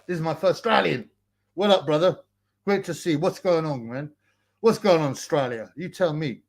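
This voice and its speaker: A young man chats casually on a livestream, his voice sitting a little high. He rambles in slang, greets viewers and reads their comments aloud, and mocks a rival with scorn. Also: creaky. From United Kingdom. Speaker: livestream host.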